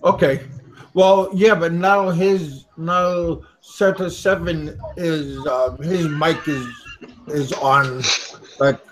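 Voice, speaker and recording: Slow, giggly American man hosting. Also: fairly high pitch, steady tone, low-quality recording. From United States. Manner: giggly, mildly scolding, hesitant restarts. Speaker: livestream host. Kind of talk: casual group call chat.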